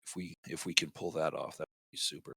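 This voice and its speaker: A man's voice: rumbling low, little pitch movement, fast, vocal fry, sharp tone, husky, dry recording. A man playing a tabletop game, hesitant as he plans aloud. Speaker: player.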